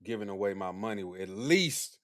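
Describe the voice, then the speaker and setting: A young man hosting a casual live stream, animated and teasing as he talks back to his chat. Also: on the low side, normal speed. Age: young adult.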